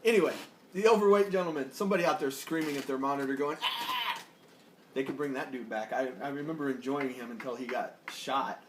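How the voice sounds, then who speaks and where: A man's voice: mid-range voice, fast. A man co-hosting a casual TV review chat, rambling and joking in a laid-back way. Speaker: podcast co-host. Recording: echoey room with faint noise.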